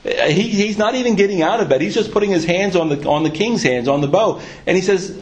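A man's voice: high-pitched, expressive, brisk, hardly any pauses. A man preaching a sermon, reading scripture aloud and then explaining it with growing fervor.

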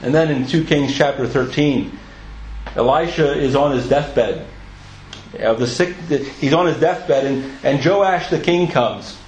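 A man's voice: mid-range voice, measured pace, echoey room, a little hiss or hum, low-quality recording. A man preaching a sermon in an earnest, emphatic way, asking his listeners questions and sometimes stumbling over and repeating words.

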